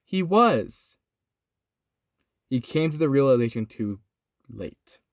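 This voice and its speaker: A man's voice: mid-range voice, big pitch swings, takes it slowly, dry recording, studio quality. A young man casually and earnestly retelling a Bible story, sweaty and teary, filming inside a hot parked car and saying "like" and "dude" a lot. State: sweaty and overheated, has been crying.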